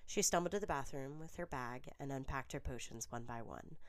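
A woman narrating a piece of fan fiction in steady storytelling. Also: very deep voice, a little fast.

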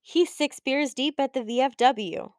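A woman reading an audiobook, voicing a friendly, amused bearded man offering help on a dark road. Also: sits high, unhurried, dry recording, clean studio sound, voice pushed up. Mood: easygoing. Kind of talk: audiobook character voice.

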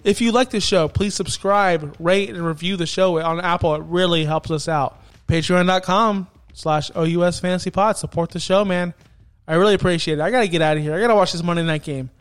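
A man's voice: sits high, brisk, clear, resonant tone. A man hosting a podcast, ranting emphatically and swearing about fantasy football picks. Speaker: podcast host.

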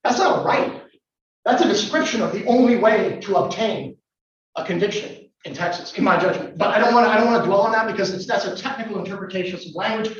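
A man's voice: high-pitched, quick pace. A man, a lawyer, giving a conversational, wry talk to a live audience and putting questions to them. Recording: echoey room from far off, dull sound.

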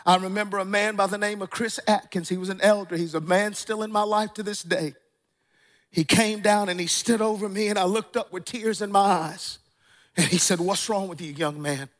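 Pastor guy, 40s, high voice, tells stories from the pulpit, keeps asking the crowd stuff. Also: steady tone, normal speed, a bit bright. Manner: conversational storytelling, quizzing the congregation. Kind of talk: sermon.

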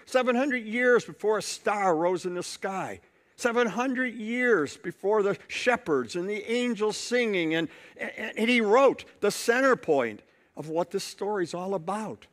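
A man's voice: high-pitched, fairly bright tone. A male pastor preaching a sermon, telling a story and building points through repetition.

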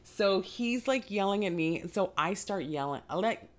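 A woman's voice: medium pitch, normal speed. A woman casually telling a long story from her job, acting out the people in it and swearing freely. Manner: animated, acts out quotes, swears freely.

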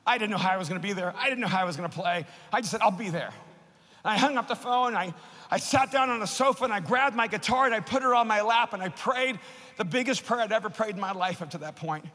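A man preaching a sermon and telling a personal story, growing impassioned and building to shouts. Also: high voice, fast. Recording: long hall reverb.

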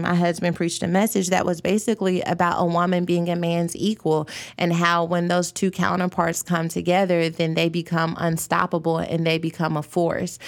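Chatty woman host, lowish voice. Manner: chatty, thinks aloud with frequent fillers. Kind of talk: live-stream chat with viewers.

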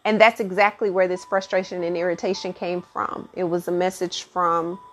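A woman's voice: lowish voice, flat delivery, moderate pace, a little hiss or hum. A woman speaking in a casual solo monologue about astrology, earnest and emphatic, often stacking repeated phrases. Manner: earnest, repetitive, emphatic lists. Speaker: astrology talk host.

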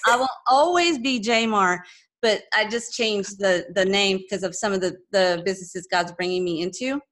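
A woman's voice: medium pitch, moderate pace, fairly bright tone. A woman with a Texan accent hosting a podcast, chatting casually and rambling with restarts. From grew up in Texas. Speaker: podcast host. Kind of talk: casual interview chat.

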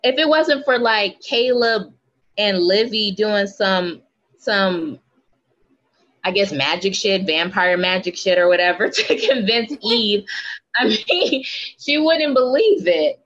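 A woman's voice: mid-range voice, expressive, slow pace, fairly bright tone, highs cut off. A woman co-hosting a casual podcast, ranting emphatically and swearing freely. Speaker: podcast co-host.

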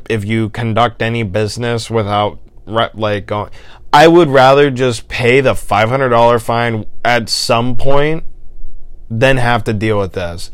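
Exasperated young man ranting, smooth voice. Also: no echo. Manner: exasperated, profane, swinging between loud outbursts and low mutters. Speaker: podcast host. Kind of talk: casual ranting monologue.

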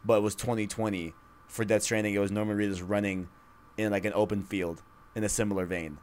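A man with a somewhat low voice co-hosts a casual gaming podcast. He rambles excitably, piling up "like" and "you know" as he hunts for his point. He speaks into a studio microphone. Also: quick pace, a little hiss or hum. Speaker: podcast co-host.

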